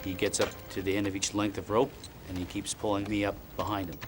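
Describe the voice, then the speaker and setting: A man's voice: on the low side, little pitch movement, quick pace. A man in a documentary interview, reflectively recounting a climbing accident. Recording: interview under loud music.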